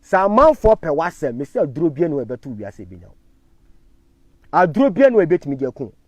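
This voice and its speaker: A man with a Ghanaian accent, giving a defiant live-stream talk, swinging from loud declarations to low murmured thanks to viewers. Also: big pitch swings, brisk, no room sound, dull audio. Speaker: online commentator.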